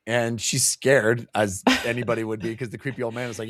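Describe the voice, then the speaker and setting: A man co-hosting a casual book club chat, retelling scenes with lively quoted asides and laughter. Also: medium pitch, normal speed, no room sound, studio quality. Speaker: podcast co-host.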